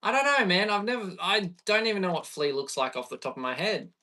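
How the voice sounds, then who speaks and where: An Australian man in his thirties, a bass player chatting easygoing with viewers on a live stream. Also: very animated, a little fast, bright, forceful tone, distant mic. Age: 30s. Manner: chatty and easygoing, reading viewer questions aloud.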